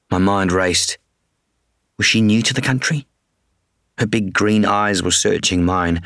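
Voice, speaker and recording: A man reading a first-person audiobook in a measured, somber way. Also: sits low, fairly bright tone, no echo, clean studio sound. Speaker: audiobook narrator. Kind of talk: first-person scripted narration.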